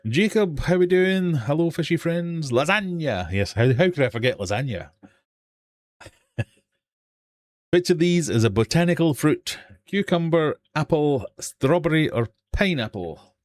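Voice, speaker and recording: A man's voice: fairly high pitch, expressive, a little slow, darkish tone. A man with a British accent hosting a live-stream quiz from his fish room, reading questions and joking with the chat. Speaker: quiz host.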